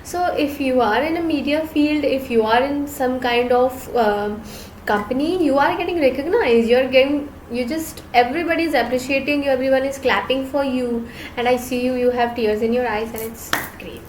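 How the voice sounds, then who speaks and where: A woman's voice: high voice, moderate pace, reverberant, a little hiss or hum, rough recording. A woman giving an earnest, reassuring tarot reading to her viewers, often repeating phrases. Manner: earnest, reassuring, repeats herself, gets emotional. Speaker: tarot reader.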